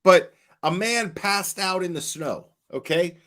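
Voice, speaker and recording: Skeptical, fairly high-voiced male commentator. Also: takes it slowly, few pauses, a bit bright. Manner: skeptical, questioning, many restarts and rhetorical questions; acts out quoted dispatcher questions. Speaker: true crime commentator. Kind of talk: casual commentary.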